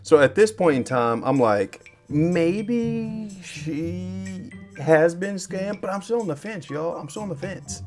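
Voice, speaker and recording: A man who works in cybersecurity, telling a scam story to his viewers in a lively way. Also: fairly quick, hardly any pauses, over music. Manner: lively, swings pitch and loudness when acting out chats. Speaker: cybersecurity vlogger. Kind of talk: animated storytelling to camera.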